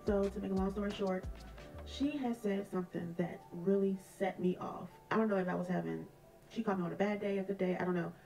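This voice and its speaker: A woman vlogger telling a workplace story in a sassy, animated way, laughing along as she goes. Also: mid-range voice, brisk, vocal fry, distant mic, soft background music, low-quality recording. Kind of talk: casual storytime vlog.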